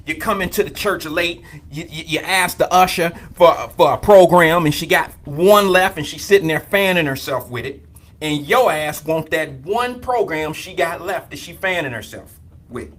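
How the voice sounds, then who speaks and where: Animated, profane male live-show host. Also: high-pitched. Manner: loose, profane, joking storyteller who greets viewers by name. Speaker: host of a live call-in drive-time show. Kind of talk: casual live-stream monologue.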